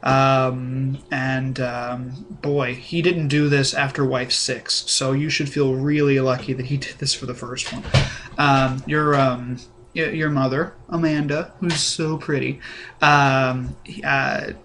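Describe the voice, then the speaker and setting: A young man talking to camera in a deadpan, rambling way, full of ums and mock-sincere asides. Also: medium pitch, slow pace, a little hiss or hum. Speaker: comedic vlogger.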